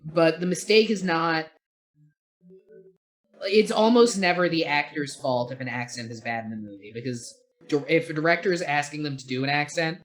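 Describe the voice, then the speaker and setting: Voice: mid-range voice, moderate pace. A podcast co-host in casual film review chat, rambling and opinionated, swearing casually.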